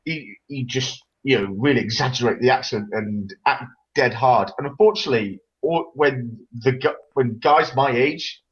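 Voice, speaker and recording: A British man in his forties, mid-pitched, talking in a chatty, rambling and blunt way. His voice comes through a muffled, lo-fi remote call. He sounds like a host in loose conversation. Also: moderate pace. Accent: British English. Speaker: podcast host. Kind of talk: casual interview chat.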